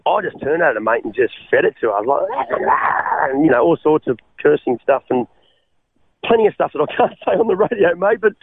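An Australian man telling his life story as an interview guest, halting and repeating his words, often calling the host mate. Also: on the high side, sing-song, gravelly, husky, no echo. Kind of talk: personal testimony in an interview. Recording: phone-like narrow line.

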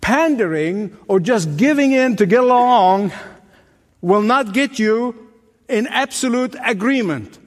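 A man's voice: very high-pitched, expressive, takes it slowly. An older man preaching a sermon to a congregation. He is emphatic, repeats key phrases and asks his listeners rhetorical questions. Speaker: pastor. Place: church sanctuary before a congregation. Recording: reverberant church hall recording.

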